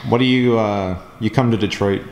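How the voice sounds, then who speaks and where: A man interviewing at a convention, joking and relaxed. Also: on the low side, normal speed, slight background noise. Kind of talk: casual interview questions. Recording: echoey hall, heard from off mic.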